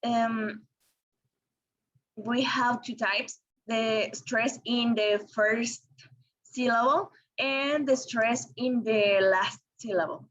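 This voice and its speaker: Slow, careful woman presenting a lesson. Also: fairly high pitch, steady tone, a bit bright, dull audio. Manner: slow and careful, with frequent ums and restarts. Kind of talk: reading a class presentation.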